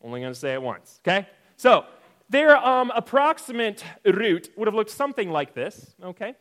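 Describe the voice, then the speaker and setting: A man's voice: high-pitched, big pitch swings, moderate pace, a bit bright. A young man teaching a playful, jokey Bible lesson to children, often asking the audience questions. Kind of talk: lively kids' Bible lesson.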